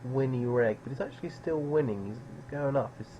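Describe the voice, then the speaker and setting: A man's voice: mid-range voice, brisk, mellow, dull audio, a little hiss or hum. A man streaming live poker, musing over players in a dry, sardonic way.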